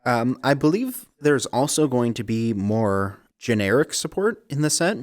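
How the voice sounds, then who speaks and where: A man with an expressive mid-range voice and measured pace co-hosts a casual card game podcast, chatty and upbeat, laughing often and sometimes tripping over his words. The studio sound is clean with no echo.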